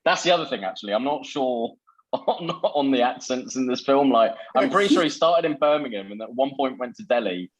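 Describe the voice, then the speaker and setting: A man talks films with friends in a lively, profane way, repeating himself as he hunts for words. His voice sits mid-range. The recording sounds a bit muffled. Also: medium pitch, a little fast. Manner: animated, swearing, stumbling restarts. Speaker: podcast co-host. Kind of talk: casual film chat.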